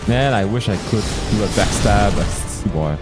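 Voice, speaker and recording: A man's voice: lowish voice, animated, normal speed, over loud music. A man casually commenting while he plays a game on a live stream, muttering and cursing mildly at the game. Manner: mutters and swears mildly at the game, switches into French. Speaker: gaming streamer.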